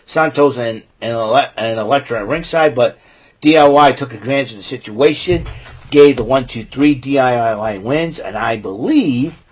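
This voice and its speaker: A man hosting a casual show, recapping wrestling in an excitable, rambling way and breaking into loud mock quotes. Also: mid-range voice, moderate pace. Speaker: podcast host recapping wrestling. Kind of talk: casual chat.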